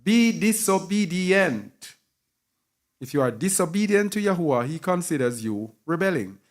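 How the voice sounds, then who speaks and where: Emphatic higher-voiced male Bible teacher. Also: very animated, moderate pace. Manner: emphatic, repeats and spells out words. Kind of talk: sermon teaching.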